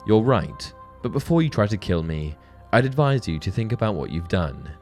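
A man's voice: fairly low pitch, very animated, normal speed, darkish tone. A man reading the lines of an earnest, merciful teenage boy wizard from a storybook, firm and pleading. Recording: faint background music.

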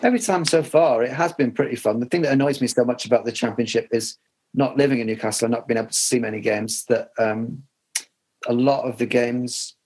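A man with a mid-range voice joins a football podcast over a video call. He chats in a relaxed, casual way and sometimes hesitates before he gets to his point. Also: mid-range voice, fairly quick, breathy edge, poor audio. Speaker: podcast co-host. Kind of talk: casual chat.

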